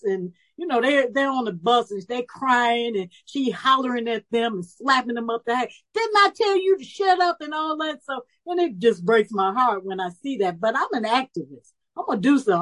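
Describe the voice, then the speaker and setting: Animated older woman telling her story. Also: on the high side, normal speed, hardly any pauses, rough recording. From Chicago area. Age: about 70. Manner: lively, animated, acts out quoted voices. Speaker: speaker sharing her story at a recovery meeting. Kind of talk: personal storytelling.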